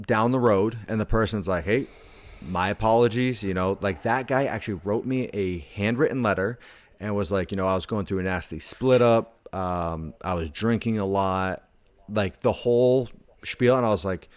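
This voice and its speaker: Low-voiced man telling stories casually. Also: normal speed, no echo. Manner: laid-back storytelling, heavy on filler words. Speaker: podcast co-host. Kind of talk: casual chat.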